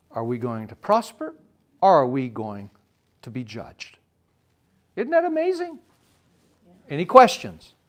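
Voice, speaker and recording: A man teaching a Bible study, talking with his listeners, asking them questions and calling on them by name, his voice swinging between loud and soft. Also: fairly high pitch. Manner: conversational, addresses listeners by name, asks questions.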